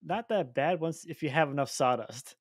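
A man's voice: fairly high pitch, normal speed, breathy edge, no echo, studio quality. A man co-hosting a podcast who talks in a hesitant, wry way. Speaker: podcast co-host. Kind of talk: casual podcast chat.

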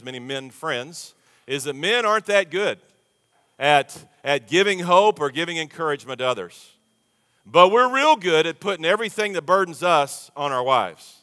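A man's voice: a little high, sharp tone. A man preaching a sermon to a congregation in a folksy, conversational way, calling on the crowd to answer back. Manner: folksy, conversational preaching with audience call-and-response. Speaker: pastor. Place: large church sanctuary. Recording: long reverb of a big church hall.

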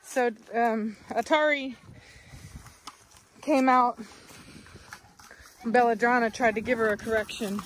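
A woman's voice: on the high side, steady tone, takes it slowly, long pauses, a little hiss or hum. A woman, filming a casual vlog outdoors as she plays with her dogs, laughing and calling commands to them.

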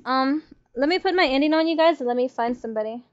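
A woman's voice: sits high, quick pace. A woman streamer, chatting casually and swearing freely while she plays, a little worn in the voice. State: losing her voice. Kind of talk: casual gaming stream chat. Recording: dull, lo-fi stream audio.

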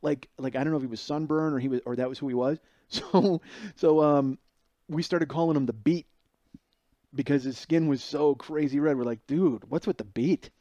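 A man's voice: a little high, steady tone, moderate pace, dark tone, dry recording, dull audio. A man in his forties, a podcast host, rambling through profane stories with many restarts and laughs. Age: 40s. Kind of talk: casual storytelling monologue.

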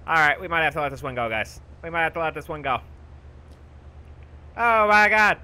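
A man's voice: a little high, expressive, fairly quick, long pauses, clean tone. Goofy, boastful young man gaming. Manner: boastful, goofy, yelling for help in mock panic. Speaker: gaming YouTuber. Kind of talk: let's play commentary.

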